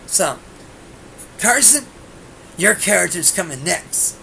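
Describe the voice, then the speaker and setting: A woman's voice: medium pitch, gravelly, a bit bright, slight background noise. A woman hosting her own comedy talk show, rambling through a monologue with brash jokes and many restarts. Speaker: host and comedian.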